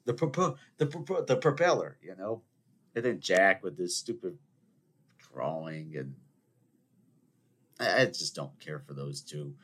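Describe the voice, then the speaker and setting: A man hosting a podcast, talking in a rambling, jokey monologue full of fillers and restarts, sometimes bursting into high exclaimed imitations. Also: expressive, measured pace, long pauses, a bit bright. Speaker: podcast host. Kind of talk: casual monologue.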